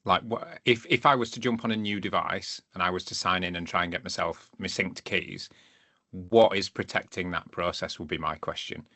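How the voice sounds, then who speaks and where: A man's voice: low-pitched, fairly even intonation, moderate pace, bright, forceful tone, no room sound. A man co-hosting a tech podcast, thinking aloud as he weighs convenience against security. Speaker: podcast co-host. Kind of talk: casual tech discussion.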